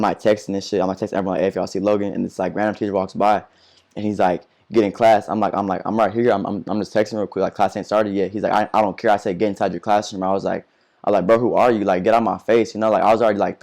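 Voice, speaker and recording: A man's voice: on the low side, little pitch movement, rapid-fire, a little mellow. A teenage man telling a story in a casual interview, slangy and profane, full of fillers and restarts. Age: teens. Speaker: interview guest, rapper.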